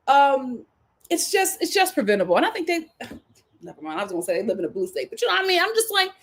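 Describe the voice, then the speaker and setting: Very animated and quick, a high-pitched woman gives a blunt, dramatic reality TV recap on her own, full of sassy humor and quotes acted out in voices.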